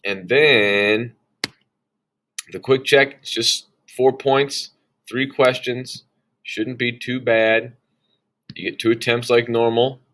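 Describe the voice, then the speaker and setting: A man's voice: medium pitch, fairly even intonation, slow, long pauses, fairly bright tone. A man teaching a recorded lesson walk-through, talking casually and chattily and often checking in with "all right?". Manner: folksy asides. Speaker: science teacher.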